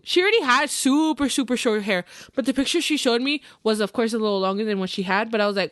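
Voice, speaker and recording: A young woman hosting a podcast, chatting casually about her work as a hairstylist, animated and mixing in Spanish phrases. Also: on the high side, quick pace, few pauses, no room sound, studio quality. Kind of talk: casual chat.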